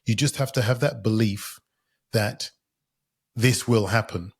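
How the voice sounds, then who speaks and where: A man's voice: on the low side, measured pace, slightly rough. A man hosting a podcast interview, enthusiastic and restarting his sentences. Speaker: podcast host.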